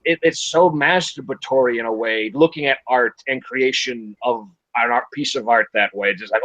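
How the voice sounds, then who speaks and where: A man's voice: medium pitch, a little fast, few pauses, no room sound. Male host, casual, blunt and profane, dry muffled stream audio. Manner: blunt, profane, animated, acts out quotes. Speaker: podcast host reviewing a film. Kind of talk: casual livestream discussion. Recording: dry, dull lo-fi livestream audio.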